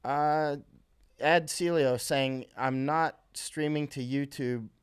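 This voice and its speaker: A man's voice: fairly high pitch, fairly even intonation, slow, clean tone. An American man hosting a live stream, chatting casually and rambling with many fillers and restarts as he reads viewer comments aloud. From USA.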